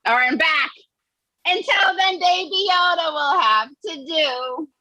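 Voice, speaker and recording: A woman's voice: very high voice, a little slow, sharp tone, no room sound, poor audio. A woman comedian on a video call, singing a joke song with chatty, giggly asides.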